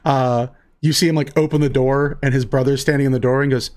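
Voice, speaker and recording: A man's voice: medium pitch, flat delivery, fast talker, a little mellow, faint music behind. A man narrating as game master of a tabletop game, casual and full of fillers.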